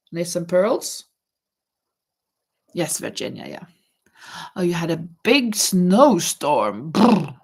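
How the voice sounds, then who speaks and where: A woman with a fairly low voice chats to her viewers during a knitting livestream. She talks slowly and rambles, stopping to restart words and wandering between thoughts as she works. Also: gravelly. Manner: chatty, addresses viewers directly. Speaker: livestream host. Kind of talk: casual livestream chat while knitting.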